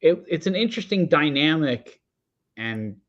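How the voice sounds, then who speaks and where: A man's voice: fairly high pitch, very animated, moderate pace, fairly bright tone, muffled recording. A man talking films in a casual chat, rambling with many asides. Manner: rambling, lots of fillers and asides. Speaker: podcast guest. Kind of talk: casual film review chat.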